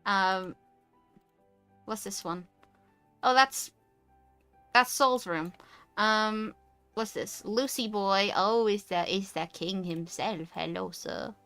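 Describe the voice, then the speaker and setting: A young woman with a posh English accent, chatting casually on a stream and ranting with animated energy. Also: medium pitch, takes it slowly, long pauses, clear, resonant tone, no room sound, faint music behind. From United Kingdom. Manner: animated, ranty. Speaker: VTuber streamer. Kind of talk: casual chat.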